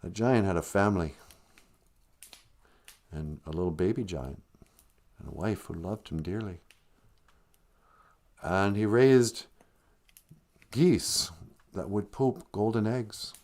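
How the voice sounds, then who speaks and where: Man, podcast host, comic storytelling, rambling, jokey, animated intonation. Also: on the low side, takes it slowly, long pauses.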